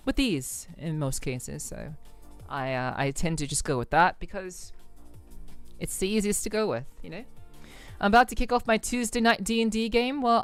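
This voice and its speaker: A woman's voice: on the low side, smooth, dry recording. A woman streamer chatting casually with her viewers, friendly and rambling, with stuttered restarts and lots of fillers. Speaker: live streamer.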